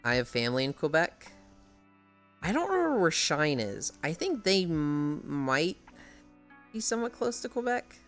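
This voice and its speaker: Lively, swearing streamer chatting with viewers. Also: mid-range voice, moderate pace, soft background music. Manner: lively, laughs often, swears freely. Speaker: live streamer. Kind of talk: casual live-stream chat, answering chat.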